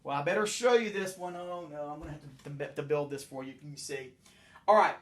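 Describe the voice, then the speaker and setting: Speaking fairly quickly in a somewhat high voice, a chemistry teacher gives an unscripted classroom lecture at the chalkboard. He meanders and fixes his own mistakes while explaining his sketches and the models he assembles.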